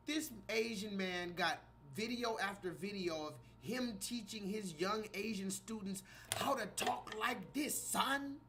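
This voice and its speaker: A man hosts a live reaction stream, riffing in a mocking, animated way and calling on his chat to respond. There is a faint hum of ambience behind his voice. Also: sits high. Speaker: livestream commentator.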